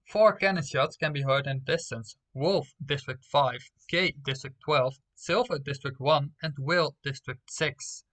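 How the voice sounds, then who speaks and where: A man's voice: fairly high pitch, a little slow, hardly any pauses, fairly bright tone. A young man streaming live, reading out game results and talking playfully to his viewers. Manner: playful, talks straight to viewers.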